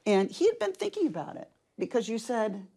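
An older woman tells a personal story with animation and laughs often between lines. Her voice has a gravelly edge. She sounds like a guest in a relaxed conversation. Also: on the high side, a little fast. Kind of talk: casual storytelling.

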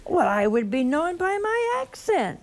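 A woman with a Southern accent preaching a sermon, telling the story slowly and animatedly, dropping at times to a soft whisper. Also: very high voice, sing-song.

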